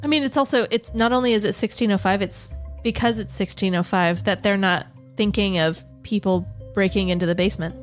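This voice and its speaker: A woman co-hosting a podcast, reacting quickly and teasing her partner in casual chat. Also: medium pitch, soft background music. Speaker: podcast co-host.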